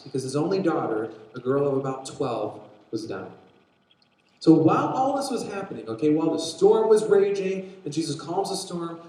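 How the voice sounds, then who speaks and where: A young man teaching a Bible story to young people, telling it with animated energy and acting out voices. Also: a little high. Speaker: youth pastor. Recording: very echoey room.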